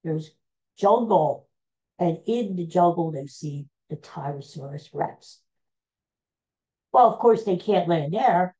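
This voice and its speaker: A woman hosting a podcast, recapping old TV episodes in a casual, meandering, animated storytelling way. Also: lowish voice, slow pace, long pauses, rough recording. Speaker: podcast host.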